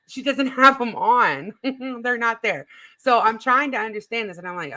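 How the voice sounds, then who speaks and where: A woman's voice: on the high side, lively intonation, moderate pace, bright, forceful tone, poor audio. A woman hosting a livestream, chatting casually and reading the chat aloud while reacting to a clip.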